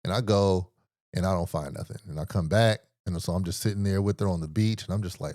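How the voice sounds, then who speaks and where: A man with a lowish voice telling a story in a laid-back, casual way, full of slang and swearing. He acts out other people's lines as he goes. The sound is dry and close, with no room echo. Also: fast, mellow. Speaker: podcast host.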